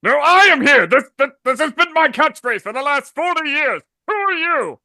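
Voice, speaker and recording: A man's voice: extremely high pitch, lively intonation, moderate pace, pushed and bright, no echo, full character voice. A man voicing a bewildered grown male superhero who stammers in polite confusion.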